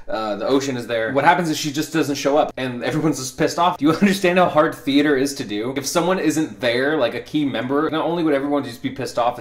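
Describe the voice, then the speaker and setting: A man in a mid-range voice rants for laughs, sarcastic and theatrical, with sudden loud outbursts. His voice rings around a bare, echoey room. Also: mid-range voice. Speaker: comedic vlogger. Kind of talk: comedic rant.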